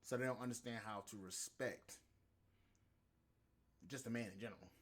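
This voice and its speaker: A man's voice: mid-range voice, normal speed, a bit bright. A man hosting a podcast, ranting in a heated, profane, rambling monologue. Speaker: podcast host. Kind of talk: casual podcast rant.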